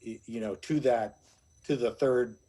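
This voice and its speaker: A commissioner talks through a point at a meeting. He rambles and fills gaps, at a middle pitch. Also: fairly even intonation, a little slow, dark tone. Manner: rambling, many fillers. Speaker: planning commissioner. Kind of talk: meeting discussion.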